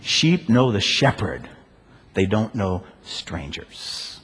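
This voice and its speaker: A preacher doing a dry, knowing farmer. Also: male voice, fairly low pitch, sing-song, slow pace, fairly bright tone, in a large hall, slight background noise, voice pushed down, exaggerated voice. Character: plain-spoken male farmer, dry and knowing.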